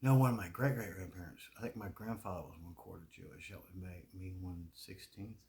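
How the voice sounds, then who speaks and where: A man's voice: low voice, steady tone, fairly quick, creaky, a little mellow. A man with a Southern US accent, talking in a rambling, profane casual monologue and laughing often. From American South. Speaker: video creator.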